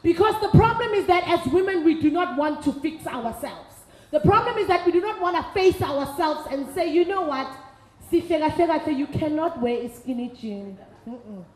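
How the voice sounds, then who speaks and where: A woman's voice: very high-pitched, lively intonation, normal speed. A South African woman giving a frank, humorous sermon-style talk to a women's gathering, telling stories with quoted dialogue. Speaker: speaker at a women's ministry event. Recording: echoey hall.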